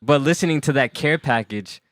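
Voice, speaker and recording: A man co-hosting a podcast in casual chat, mostly giving short replies and quick remarks. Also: medium pitch, fairly bright tone, no room sound. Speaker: podcast co-host.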